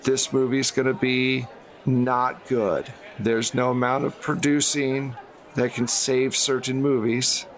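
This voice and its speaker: A man's voice: medium pitch, little pitch movement, slow pace, natural voice. A man voicing a jaded, teasing male film producer in a tabletop game, talking with dry, sarcastic banter. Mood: wry. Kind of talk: tabletop role-play character voice.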